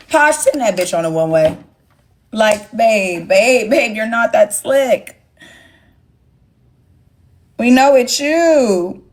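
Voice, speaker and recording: A young woman hosts a livestream from her phone. She talks straight to her chat in a blunt, sassy, profane way, with a mid-pitched voice. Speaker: livestream host. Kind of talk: casual livestream rant to viewers.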